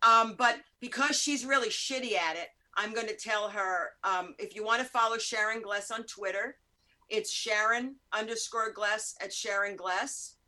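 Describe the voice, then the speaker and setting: Woman host, video call, effusive and salty, bright pushy tone. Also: mid-range voice, normal speed. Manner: gushing, animated and profane. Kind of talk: casual chat.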